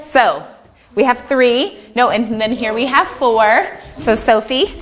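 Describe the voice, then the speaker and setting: Woman, children's church teacher, upbeat and encouraging, slightly higher voice, keeps checking in with the kids. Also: slow pace. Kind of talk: teaching children, leading sung verses. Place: church classroom.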